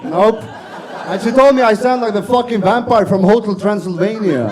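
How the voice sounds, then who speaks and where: A man from Estonia with an Estonian accent doing an open-mic stand-up set, deadpan and sweary, laughing at his own jokes. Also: high voice, normal speed. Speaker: stand-up comedian. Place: comedy club stage with audience.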